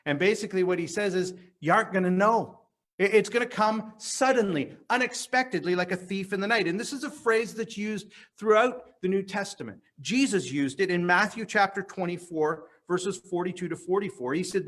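Male pastor with a high voice preaching an earnest teaching sermon at a church service. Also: expressive, fairly bright tone. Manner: earnest, teaching, stresses words slowly. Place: church service on a live stream.

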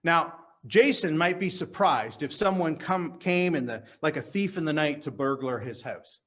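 A man preaching a sermon at a church service, earnest and teaching, slowing down to stress key words. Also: a little high, expressive, a bit bright. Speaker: pastor. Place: church service on a live stream.

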